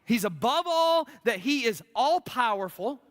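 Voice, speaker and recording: A male pastor preaching a sermon in church, swinging between loud emphatic peaks and quiet lows. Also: measured pace. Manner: energetic preaching, big swings from loud highs to hushed lows. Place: church sanctuary.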